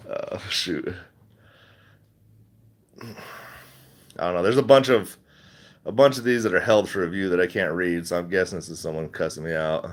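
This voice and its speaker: A man's voice: deep voice, a little slow, pauses often. A middle-aged man chatting casually on a livestream, reading chat, rambling and laughing often.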